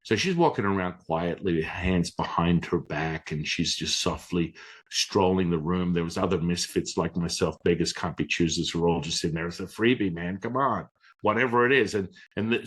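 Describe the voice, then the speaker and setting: Guy with a lowish voice telling a story, animated, casual, drops a swear now and then. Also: normal speed. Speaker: Taoist teacher, guest.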